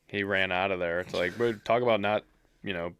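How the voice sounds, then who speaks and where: A man's voice: deep voice, fairly quick, clear, resonant tone. Blunt, profane young man co-hosting a podcast. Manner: blunt, profane, animated storyteller. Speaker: podcast co-host. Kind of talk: casual sports chat.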